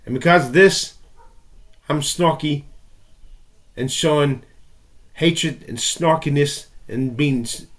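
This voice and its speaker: A man calling into a talk show, rambling in an aggrieved tone and swearing now and then. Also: mid-range voice. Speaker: caller. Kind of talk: call-in show monologue.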